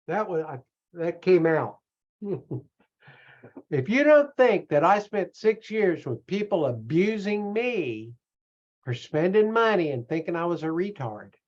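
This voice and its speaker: A man coaching an audience in a loose live-streamed talk, animated and self-mocking, often slipping into other voices. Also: on the high side, lo-fi sound. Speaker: online business coach.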